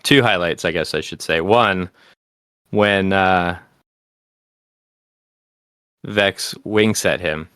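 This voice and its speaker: A man co-hosting a podcast in relaxed casual chat, recounting moments with plenty of filler words. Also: sits low, takes it slowly, pauses often, smooth, no echo. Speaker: podcast co-host.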